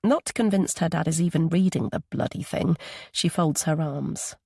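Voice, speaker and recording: A woman's voice: low-pitched, moderate pace, creaky, warm tone, breathy edge, no echo, clean studio sound. A woman narrating a psychological thriller audiobook, giving each character its own voice.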